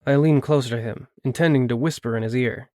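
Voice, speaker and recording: A man's voice: mid-range voice, no echo. Man narrating a story, dry close sound. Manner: steady, measured storytelling. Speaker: audiobook narrator. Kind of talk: first-person fiction narration.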